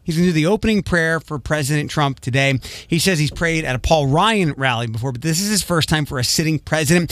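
A man hosting a morning radio show from the studio, reading local news items in an easy, chatty way. His voice sits a bit high and has a bright, cutting edge. The studio sound is close and dry. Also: no echo. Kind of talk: casual radio banter and news rundown. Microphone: studio microphone.

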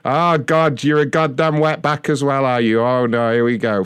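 A man's voice: mid-range voice, fairly even intonation, moderate pace, a bit bright, clear, resonant tone, no echo. A man hosting a live show and making a prank phone call, swearing and hurling abuse at the person on the line. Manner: foul-mouthed, abusive outbursts. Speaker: prank caller and livestream host.

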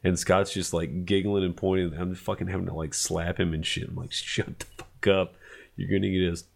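A man telling a funny story in casual chat, animated and profane, acting out what people said. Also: low voice, fairly quick, creaky. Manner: animated, profane, acts out quotes.

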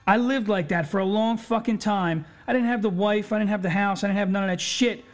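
A man's voice: sits high, fairly quick. A man, giving a blunt, profane motivational monologue on his podcast in a fired-up manner. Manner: fired-up, blunt, heavy swearing. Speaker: podcast host. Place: home recording setup. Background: faint music.

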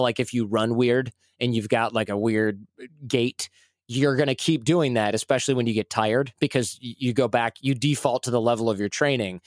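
With a mid-range voice on a dry, studio-quality recording, a guest from Michigan, USA, in his forties, rambles through casual stories. He pokes fun at himself as he goes.

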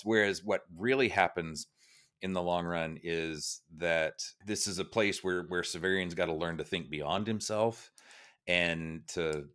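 Man, very low voice, thoughtful, hesitant, conciliatory podcast co-host. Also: steady tone, measured pace, fairly bright tone. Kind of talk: book discussion podcast.

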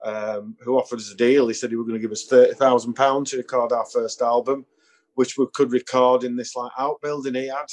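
A man spins stories from his band days in a relaxed interview. He chuckles as he goes and slips into the voices of the people he quotes. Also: medium pitch, brisk. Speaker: musician guest. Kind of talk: casual storytelling interview.

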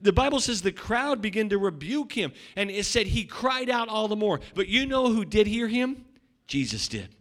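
A middle-aged male pastor preaching a sermon, swinging between loud shouting and quiet asides, often repeating words and restarting. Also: high voice, very animated, normal speed.

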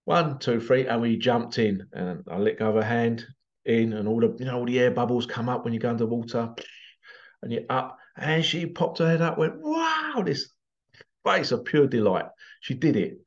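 A man in a casual storytelling monologue, animated and conversational. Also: medium pitch, moderate pace, muffled recording. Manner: animated, conversational, acts out quotes. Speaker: vlogger.

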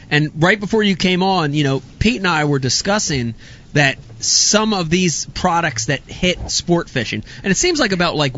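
Hyped up guy hosting a live show, high bright voice bouncing all over, kinda lo-fi sound. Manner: energetic, excitable, hyped. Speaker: show host. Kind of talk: casual live show chat. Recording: slightly dull, lo-fi sound.

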